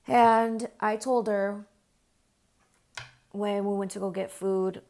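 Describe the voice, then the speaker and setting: A young woman speaking to her viewers in an earnest, shaken storytime. Her voice sits in an ordinary middle range, and her talk is loose and full of "like" fillers. When she quotes herself, she drops to a hushed, quieter tone. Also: mid-range voice, steady tone, slow pace. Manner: earnest, distressed retelling with frequent "like" fillers. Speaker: vlogger. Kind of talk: personal storytime monologue to camera.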